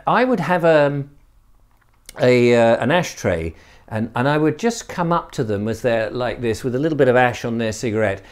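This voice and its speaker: Chatty man telling an anecdote. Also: medium pitch. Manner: chatty anecdotal telling with filler ums and restarts; briefly slips into posh character voices for quoted guests. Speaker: vlogger and former comedy entertainer. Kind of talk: conversational storytelling monologue.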